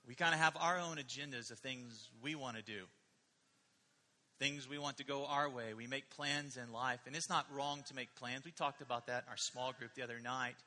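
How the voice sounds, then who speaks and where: Bright, forceful preacher in a reverberant hall. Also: male voice, mid-range voice, normal speed. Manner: animated, emphatic preaching with rhetorical questions. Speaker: pastor. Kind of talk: sermon.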